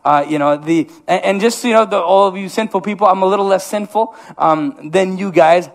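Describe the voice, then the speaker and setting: A man's voice: high voice, fairly quick, hardly any pauses. A man with an Upper Midwest American accent preaching a comedic sermon, self-mocking and rambling with many restarts. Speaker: pastor. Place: church sanctuary.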